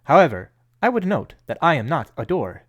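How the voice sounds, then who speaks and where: A man's voice: on the high side, very animated, brisk, fairly bright tone, dry recording, dull audio, voice pushed up. A prim, literal-minded magic door construct that speaks in stiff, formal sentences, as a man puts it on. It is a non-human guardian in a tabletop fantasy game and takes everything at face value.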